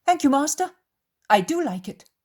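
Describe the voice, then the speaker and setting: A woman's voice: high voice, big pitch swings, moderate pace, a little mellow, voice pushed up. A woman voicing an eager, ingratiating adult male disciple in an audiobook reading. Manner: eager and ingratiating, then scoffing.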